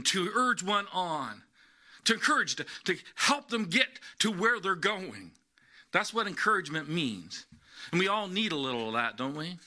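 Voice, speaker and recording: A man's voice: on the high side, bright, forceful tone. A male pastor preaching a sermon to an online congregation, telling a story in an earnest, heartfelt way.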